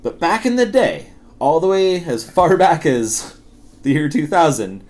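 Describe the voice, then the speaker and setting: Here a man in his thirties, co-hosting a podcast, has a slightly high voice and a measured pace. He laughs and swears through animated stories about his job in an easygoing conversation.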